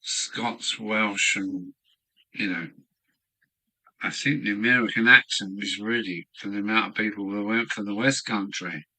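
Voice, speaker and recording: Slow, bright-toned tipsy English man. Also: on the low side, steady tone, rough recording. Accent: southern English. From southern England. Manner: rambling, chants and repeats phrases in a sing-song way. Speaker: model railway live streamer. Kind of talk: rambling solo live stream chat. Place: home hobby room.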